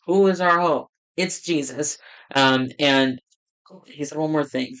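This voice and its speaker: A man who is a pastor, giving casual reaction commentary in a reflective way, now and then breaking into soft exclamations. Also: fairly high pitch, fairly even intonation, slow.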